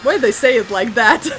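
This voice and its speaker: A woman's voice: high-pitched, slight background noise. A woman streaming a video game, chatting casually and teasing her chat with frequent giggles.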